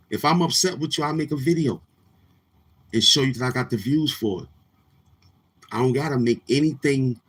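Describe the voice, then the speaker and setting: A brash man delivers a boastful, trash-talking rant as host of his own online show. His voice is husky and sits at a middling pitch, and he keeps repeating words as he presses his points.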